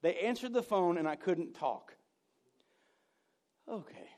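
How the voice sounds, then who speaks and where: Animated man preaching a sermon. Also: high-pitched, slow pace. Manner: animated, swings between loud emphasis and hushed asides; self-mocking humor. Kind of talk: conversational sermon.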